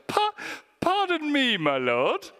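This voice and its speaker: A man's voice: very high voice, wildly swooping pitch, takes it slowly, pushed and bright, in a large hall, pitched above the performer's own voice, full character voice. A man voicing a timid, overly polite biblical man in a posh British manner, stammering with hesitation. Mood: hesitant polite.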